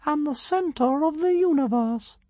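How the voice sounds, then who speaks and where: A woman voicing a tiny, arrogant male dragon who thinks he is a god, with a squeaky, grand and scornful voice. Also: measured pace, mellow, dry recording, dull audio. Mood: pompous. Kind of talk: audiobook character voice.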